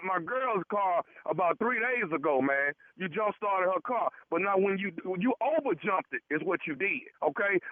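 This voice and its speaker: A man's voice: sits high, no echo, natural voice. A man playing an irate young man who complains about his girlfriend's car, as a prank caller. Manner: pushy, insistent, repeats himself. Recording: dry tinny phone line.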